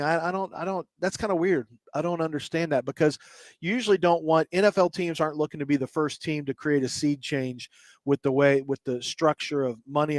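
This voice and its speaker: Man, sports talk radio co-host, rambling, fairly high pitch, dry studio sound. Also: no room sound. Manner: rambling, thinks aloud with restarts.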